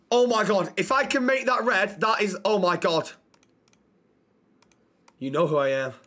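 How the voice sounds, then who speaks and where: A man's voice: sits high, measured pace, pushed and bright. A young man streaming a role-play game, chatting casually and swearing freely. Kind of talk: casual role-play and chat shout-outs.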